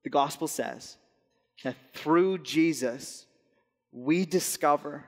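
Man preaching in a reverberant hall. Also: fairly high pitch. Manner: earnest, slow and soft on key phrases. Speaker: pastor. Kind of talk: sermon. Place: church hall. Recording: long reverb in a large hall.

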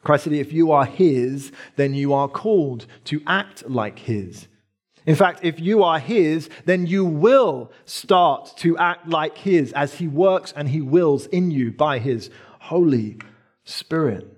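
Male pastor, sermon, emphatic repetitions, slightly high voice. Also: lively intonation, takes it slowly. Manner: earnest, emphatic preaching with repetitions.

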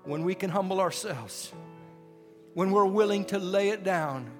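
A man preaches a sermon in a strikingly high voice, swelling into fervent shouts. His voice rings through a hall with a long reverb, while faint music plays underneath. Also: measured pace.

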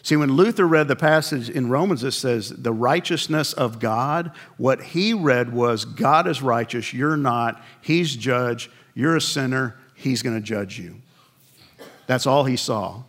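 A middle-aged male pastor preaching a sermon in a conversational, confessional way, dropping into quiet asides. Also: medium pitch, unhurried.

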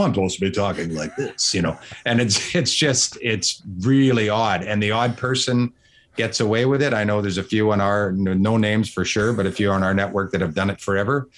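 Low-voiced middle-aged sportscaster, chatty. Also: male voice. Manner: earnest, talkative, quick to restart phrases. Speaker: sportscaster guest. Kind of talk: casual conversation.

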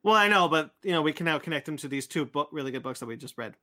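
A man's voice: a little high, lively intonation, rapid-fire, bright, forceful tone. A man hosting a casual pop-culture chat, reading out news items in a loose, chatty way. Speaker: podcast host reading news.

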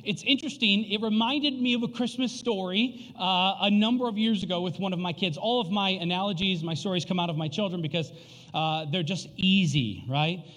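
A man in his thirties preaching a sermon, telling a family story in an animated, casual way with frequent fillers. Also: high-pitched, brisk. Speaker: pastor. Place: church sanctuary. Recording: long reverb of a church hall.

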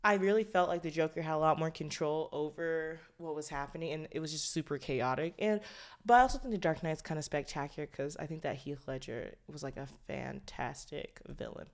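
A young woman with a slightly low voice chats on her own podcast. She rambles loosely and swears freely, with many fillers and heavy sighs between her thoughts. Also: fairly quick. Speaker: podcast host. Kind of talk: casual solo podcast chat.

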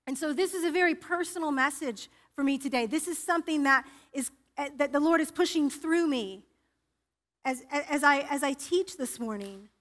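A woman's voice: high-pitched, moderate pace, fairly bright tone. A woman preacher giving a personal, confessional sermon in a church, often restarting her sentences. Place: church sanctuary. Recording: reverberant church hall.

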